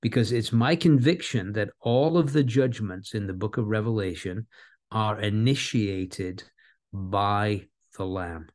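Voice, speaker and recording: A man preaching an expository Bible sermon, earnest and deliberate, repeating key words and slowing down for emphasis. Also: on the low side, a little mellow.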